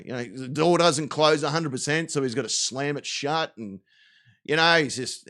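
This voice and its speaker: A man's voice: a little high, normal speed, fairly bright tone. An Australian man hosting a podcast, delivering a sweary, laughing comic rant. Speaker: podcast host.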